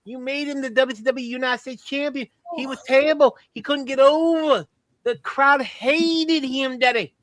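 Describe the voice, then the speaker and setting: A man's voice: very high-pitched, fairly even intonation, moderate pace, fairly bright tone, no echo. A man putting on a boastful, rambling old Southern wrestler on a podcast, with a put-on Texan drawl and calling everyone baby. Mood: swaggering. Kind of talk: comedic impression on a podcast.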